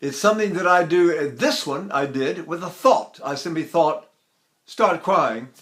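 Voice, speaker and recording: An older man leads a singing lesson, his speaking voice pitched high and ringing bright. He talks in short, deliberate phrases and drops into sung syllable drills to demonstrate. Now and then he drifts a little away from the microphone. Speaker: voice teacher.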